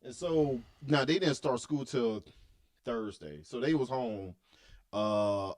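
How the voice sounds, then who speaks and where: A man's voice: medium pitch, slow, darkish tone. A man co-hosting a casual comedy podcast, telling stories with frequent laughter, stammers and restarts. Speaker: podcast co-host.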